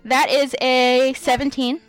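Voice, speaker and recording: Teasing, higher-voiced woman player. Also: level tone, slow pace, faint music behind. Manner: playful, teasing, stammering restarts. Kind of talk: casual tabletop game chat.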